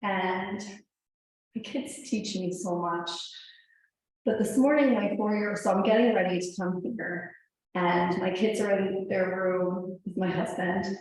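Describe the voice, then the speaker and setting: Slightly hoarse woman in a very echoey studio. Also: mid-range voice, fairly even intonation, a little slow, a little mellow. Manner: chatty, storytelling, many "like" asides. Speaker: yoga teacher. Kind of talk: casual class talk. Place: yoga studio. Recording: very echoey room with faint ambience.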